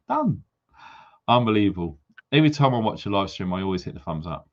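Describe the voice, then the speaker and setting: Man, livestream rant, sarcastic, rhetorical questions, very lively pitch, dull lo-fi sound. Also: a little fast. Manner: indignant, swings high for emphasis. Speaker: livestream host. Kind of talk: ranting livestream chat. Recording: dull lo-fi stream audio.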